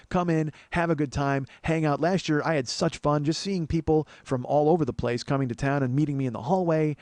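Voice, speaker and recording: Quick, crude, self-mocking male podcast host in his forties; rambling monologue, dry close sound. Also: mid-range voice, a little mellow, no echo. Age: 40s.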